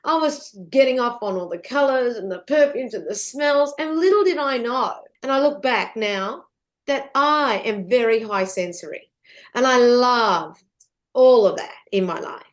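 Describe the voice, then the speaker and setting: Middle-aged female guest, lively rambling storyteller, slightly high voice, casual swearing. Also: measured pace. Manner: animated, rambling, with frequent restarts and swearing. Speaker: podcast guest. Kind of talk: candid storytelling interview.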